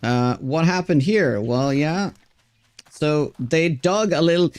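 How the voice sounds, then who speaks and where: A man's voice: a little high, takes it slowly, darkish tone, clear, resonant tone. A Swedish-born man, a native Swedish speaker, streaming a game. He talks in casual, frank English with an American-sounding accent and often stammers and restarts his sentences. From Sweden. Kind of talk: casual live-stream chat while gaming.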